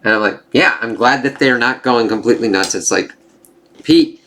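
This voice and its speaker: A man's voice: medium pitch, moderate pace, pushed and bright, a little hiss or hum. A man giving a casual spoiler review of a comic. He swears freely, rambles and corrects himself, and reads the dialogue aloud in livelier voices.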